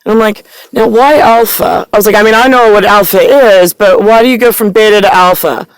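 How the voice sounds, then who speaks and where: Woman ranting to camera, swears a lot, wanders off topic, smooth clear voice, dry close sound. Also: medium pitch, a little fast, no room sound, rough recording. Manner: profane, meandering, stream-of-consciousness storytelling. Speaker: vlogger. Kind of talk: rambling direct-to-camera monologue.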